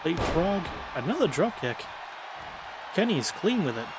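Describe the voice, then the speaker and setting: A man's voice: fairly high pitch, big pitch swings, a little slow. A sleepy man giving laid-back, swearing play-by-play commentary of a wrestling video game. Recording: crowd noise and game sounds behind.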